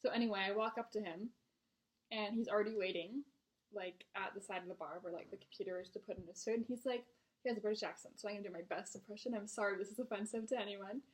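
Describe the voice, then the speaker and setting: A woman's voice: mid-range voice, fast talker. A young adult woman, a restaurant server, telling casual stories about her customers in a blunt, exasperated way with plenty of swearing. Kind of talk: casual venting storytime.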